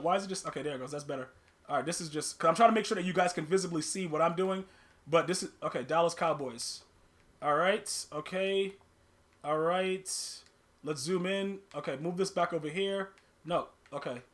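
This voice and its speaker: A young adult man hosting a casual livestream podcast, talking to his chat in animated slang and often repeating and restarting his words. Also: high voice. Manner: slang-heavy, talks to chat viewers. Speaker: podcast host.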